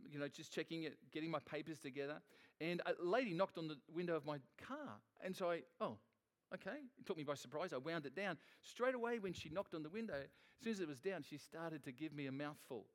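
A man preaching a sermon in a loose, conversational way, telling a personal story with frequent restarts and fillers. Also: a little high.

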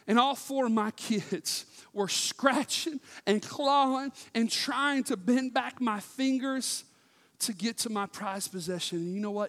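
Male pastor, sermon, high voice, slow delivery, shouts and whispers. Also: big-room sound. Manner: impassioned, swinging from shouts to hushed whispers.

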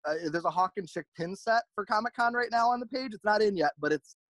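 A man telling stories in a casual chat, rambling and animated, often acting out the voices of people he quotes. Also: sits high, quick pace, no room sound. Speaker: podcast host, merch company owner.

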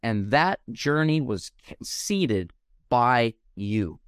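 A man's voice: mid-range voice, very animated, slow, clear, resonant tone, no echo, clean studio sound. A young man hosting a podcast interview, speaking with passion and heartfelt gratitude. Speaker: podcast host.

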